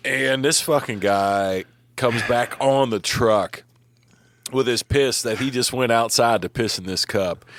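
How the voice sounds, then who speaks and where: A man's voice: medium pitch, measured pace, fairly bright tone, no room sound. A man co-hosting a podcast in casual chat, swearing often and sounding incredulous. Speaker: podcast co-host.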